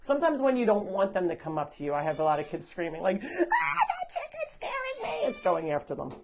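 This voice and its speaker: A woman's voice: fairly low pitch, lively intonation, fast talker, very noisy. A woman hosting a live sanctuary tour, chatting and laughing as she walks among the animals, coaxing and scolding them. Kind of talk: casual live tour narration. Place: walking around a farm sanctuary, indoors and outdoors. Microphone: wearing a microphone.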